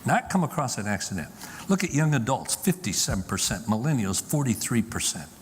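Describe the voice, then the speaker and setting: A man's voice: medium pitch, very animated, fairly quick, in a large hall, slight background noise. A man giving an emphatic public talk from a stage to a live audience, often repeating key lines for effect. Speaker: Christian speaker.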